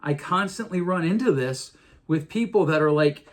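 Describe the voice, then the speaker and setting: A man's voice: a little high, expressive, normal speed. A middle-aged man hosting a podcast, talking earnestly in a casual monologue with frequent restarts. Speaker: podcast host.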